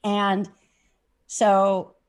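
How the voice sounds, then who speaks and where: A woman hosting a podcast, telling stories in a lively, animated way and laughing often. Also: medium pitch, drawn-out words. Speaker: podcast host. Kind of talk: casual conversation.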